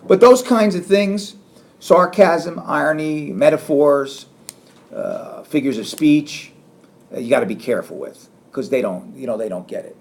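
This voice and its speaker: Animated man lecturing a class. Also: a little high, unhurried, gravelly. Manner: animated, acts out sarcastic quotes. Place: lecture room.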